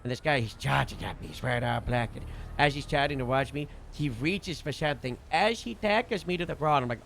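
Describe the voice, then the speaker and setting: Creaky-voiced man rambling through a story. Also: medium pitch, brisk, hardly any pauses, slight background noise. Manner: rambling, full of "you know" and "like" fillers; animated retelling with sudden loud bursts. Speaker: livestreamer recounting a role-play shift. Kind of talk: casual storytelling recap.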